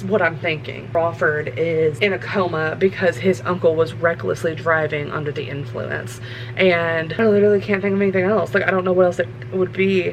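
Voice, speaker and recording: A young woman talking casually about a book she's reading, rambling and excitable, swearing now and then. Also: fairly low pitch, highs cut off, a little hiss or hum. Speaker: book vlogger. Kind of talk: casual chat. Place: car, for the ending.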